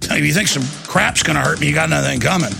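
A man's voice: on the high side, fast, gravelly, music in the background. A man hosting a talk radio show, telling a story in an intense, emphatic monologue from a studio.

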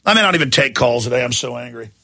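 A man hosting a talk radio show, delivering an angry, sarcastic rant that often breaks into shouting. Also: mid-range voice, lively intonation, racing.

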